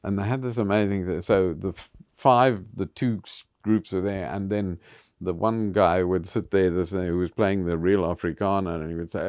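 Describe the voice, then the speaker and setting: A man's voice: low-pitched, fairly even intonation, moderate pace, darkish tone, clean tone, no echo, studio quality. A man, telling theatre stories with frequent chuckles. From South Africa. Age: 70s. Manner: anecdotal, chuckles often between phrases. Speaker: theatre founder being interviewed. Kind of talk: reminiscing storytelling.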